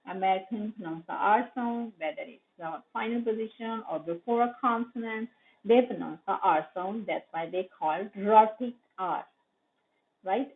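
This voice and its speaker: A Pakistani woman with a Pakistani English accent gives a recorded university lecture in a mid-range voice. She explains terms, repeats them and corrects herself, using fillers. The audio sounds tinny, like a phone.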